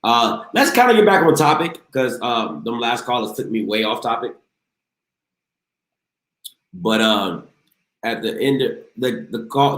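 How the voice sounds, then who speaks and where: A man's voice: mid-range voice, fairly bright tone. Laid-back man hosting a call-in show. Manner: laid-back, drawling, with exclamations. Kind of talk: casual call-in talk. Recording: roomy echo.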